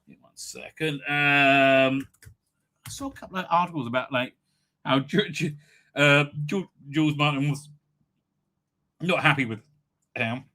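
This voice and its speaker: A man's voice: a little high, measured pace, pauses often, bright, forceful tone. A man hosting a live stream, casually recapping an episode in a rambling way, with many stammered restarts and a habit of tagging sentences with "right?".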